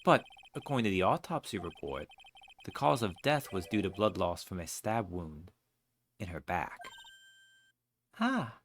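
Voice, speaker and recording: A man's voice: sits low, big pitch swings, unhurried, long pauses, fairly bright tone, a little hiss or hum, exaggerated voice. A man voicing an earnest young male defense lawyer who presses a witness, in a voice close to his own. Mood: pressing.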